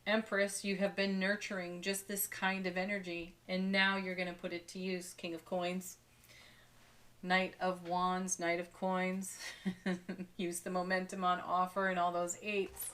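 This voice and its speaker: A woman giving a daily tarot card reading, speaking softly and warmly with gentle enthusiasm and frequent light laughs. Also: on the low side, level tone, unhurried. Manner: soft, spiritual, gently enthusiastic, laughs often.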